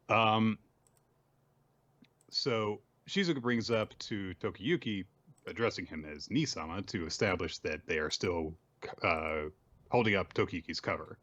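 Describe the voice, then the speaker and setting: A man casually recapping manga chapters on a podcast, often jumping into quick voiced lines. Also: low voice, lively intonation, fairly bright tone, no echo, muffled recording. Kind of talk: casual chat.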